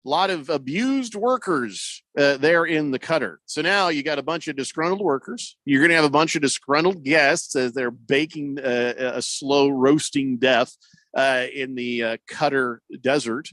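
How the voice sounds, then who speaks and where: A man co-hosting a sports radio show, reading listener messages out loud and riffing on them in a loose, joking way with plenty of fillers. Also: mid-range voice, normal speed, no room sound. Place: radio studio.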